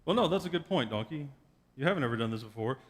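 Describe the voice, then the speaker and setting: A man's voice: medium pitch, animated, fast, big-room sound, lightly acted. A man voicing a dense male prophet who grudgingly concedes a point, quoted in a sermon.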